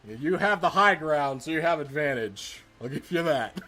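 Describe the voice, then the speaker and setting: A man narrating a tabletop game as game master, in a slow, halting way with many pauses and fillers. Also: fairly high pitch, animated, sharp tone, faint music behind.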